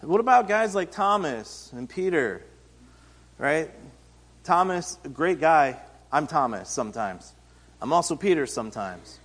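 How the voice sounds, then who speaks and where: A man's voice: on the high side, lively intonation, a little slow, fairly bright tone, husky. A man giving a casual, conversational sermon, retelling Bible stories in everyday speech. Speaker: pastor and teacher. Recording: reverberant hall.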